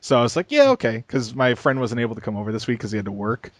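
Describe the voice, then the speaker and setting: A man co-hosting a gaming podcast in a relaxed, meandering way, often pausing on fillers and chuckling. His voice sits at a middle pitch and is recorded dry and close. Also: no room sound. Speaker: podcast co-host. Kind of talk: casual gaming podcast chat.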